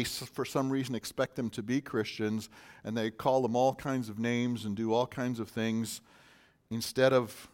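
A man preaching a sermon in a conversational way, with sudden loud emphasis on key words. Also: mid-range voice. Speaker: pastor.

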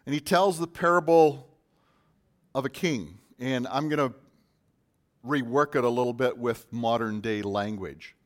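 A man's voice: medium pitch, a little slow. Man preaching a casual, punchy sermon. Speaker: pastor.

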